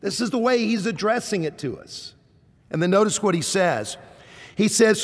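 A man's voice: high voice, expressive, a little slow, a bit bright, in a large hall. A man preaching a sermon to a congregation, asking rhetorical questions and rising into emphatic repeated words. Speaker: pastor.

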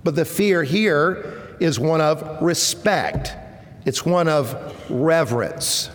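A man in his fifties delivers a sermon in an earnest, measured way. His voice sits high and moves at an unhurried pace, rising in strength at points of emphasis. A long church-hall reverb trails each phrase. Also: lively intonation. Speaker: preacher. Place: church sanctuary.

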